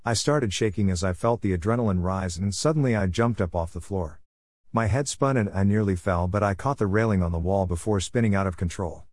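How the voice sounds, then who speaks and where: A man with a low voice reads a first-person story in an earnest, reflective way. The recording is dry and close, without room echo. He tells it steadily as a storyteller. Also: fairly quick, darkish tone. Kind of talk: scripted first-person narration.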